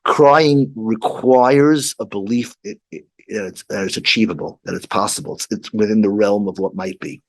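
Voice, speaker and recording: A rabbi telling a story in casual chat, halting with frequent restarts. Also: male voice, lowish voice, fairly even intonation.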